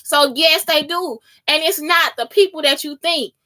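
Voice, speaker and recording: A woman delivers a casual solo podcast monologue in a high, bright voice. She is heated and profane and keeps turning to her listeners to ask whether they understand. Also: moderate pace. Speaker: podcast host.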